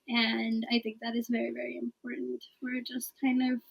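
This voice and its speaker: A woman's voice: on the high side, monotone, moderate pace, creaky, breathy edge, low-quality recording. A young woman in her twenties, a student guest in a casual interview, speaking earnestly and laughing often.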